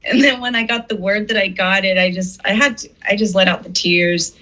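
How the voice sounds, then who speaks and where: A woman's voice: medium pitch, steady tone, fairly quick, pushed and bright. A middle-aged woman being interviewed, telling her personal story in an earnest, emotional way and acting out the words of people she quotes. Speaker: interviewed artist. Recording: slightly dull, muffled audio.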